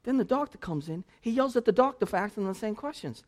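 A male pastor preaching a sermon, telling personal stories and building to loud, passionate preaching. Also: high-pitched, expressive, fast talker.

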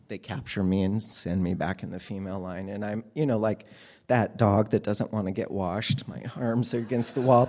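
A man's voice: on the low side, steady tone, normal speed, a little mellow. A man telling a candid personal story to an audience from a stage, plainspoken and wry. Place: stage under bright lights.

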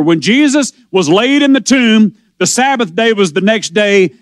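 A man preaching a sermon, explaining scripture with rising passion and drawn-out quotes. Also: high voice, dry recording. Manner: impassioned preaching, slows and swells on scripture quotes.

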